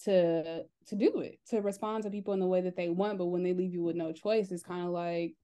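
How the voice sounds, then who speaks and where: A young woman co-hosting a casual podcast chat, telling lively stories and acting out her family's voices. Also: on the low side, a little fast. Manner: animated storyteller, acts out family voices. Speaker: podcast co-host.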